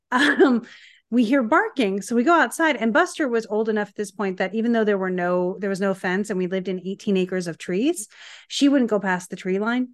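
A woman's voice: medium pitch, normal speed, no room sound, clean studio sound. A woman in her thirties co-hosting a podcast, telling a story in a chatty, rambling way with asides. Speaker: podcast co-host. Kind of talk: casual chat, storytelling.

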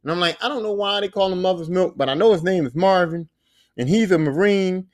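High-voiced profane man riffing casually. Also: brisk. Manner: profane, rambling, acts out quoted characters in exaggerated voices. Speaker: podcast host. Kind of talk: casual comedic monologue recapping a show.

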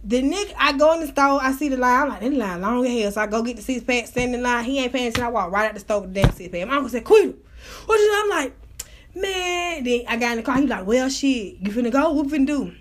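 A woman hosting her own radio show, telling wild stories in a loud, profane, animated way. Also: a little high, quick pace. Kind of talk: casual storytelling monologue.

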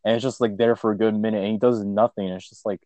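A young man loudly joking and giving advice to his friends in casual chat. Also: lowish voice, steady tone, quick pace, no room sound.

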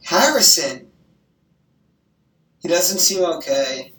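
A young woman talking on the phone with her grandmother, animated and gossipy, swearing often. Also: on the low side, slow pace. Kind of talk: casual phone chat. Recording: roomy echo, distant from the mic.

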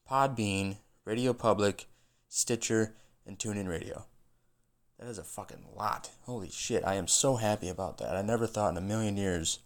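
A man hosting his own podcast in casual solo chat, rambling and swearing freely as he gets excited. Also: low voice. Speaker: podcast host.

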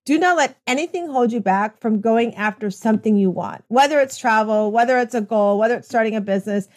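A woman hosting an interview podcast, her voice sitting a little high. She talks with eager enthusiasm in long, rambling runs, often restarting her sentences. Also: fairly quick, a little mellow. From United States. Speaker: podcast host. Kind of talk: conversational interview.

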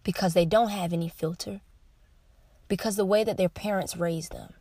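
A woman's voice: fairly low pitch, steady tone, moderate pace, warm tone, breathy edge, no room sound. A young woman vlogger giving a heartfelt personal confession to camera, often repeating phrases and restarting her sentences.

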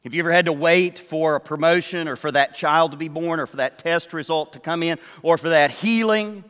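An older man preaching a sermon, telling the story slowly and acting out what the characters say. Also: a little high, a bit bright, smooth, in a large hall. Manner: slow storytelling, acts out the characters' words. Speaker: pastor.

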